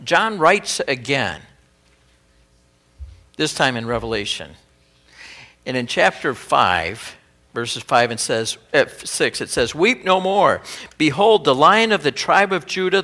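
A male pastor preaching a sermon in an earnest, emphatic way, dropping soft and low on key words. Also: big pitch swings, slow.

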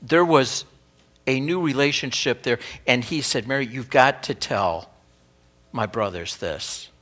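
A male pastor preaching a sermon in an earnest, emphatic way, dropping soft and low on key words. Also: measured pace.

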